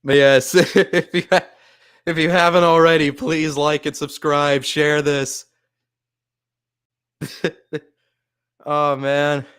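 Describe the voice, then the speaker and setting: A man's voice: a little high, level tone, slow pace, pauses often, fairly bright tone, clear, resonant tone. A man hosting a casual sports live stream, overwhelmed and near tears, laughing often and swearing as he thanks viewers. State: overwhelmed, shaky, close to tears.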